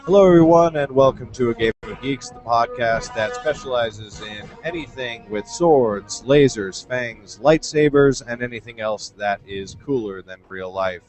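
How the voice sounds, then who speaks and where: A man's voice: mid-range voice, moderate pace, few pauses, music in the background. A man hosting a podcast in casual chat, enthusiastic and rambling, swearing now and then. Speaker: podcast host.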